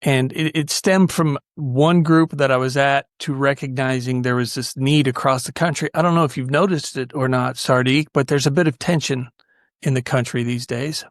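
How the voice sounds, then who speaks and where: Man, podcast host, earnest animated storyteller, restarts sentences, mid-pitched, dry sound. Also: moderate pace, dry recording. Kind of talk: conversational storytelling.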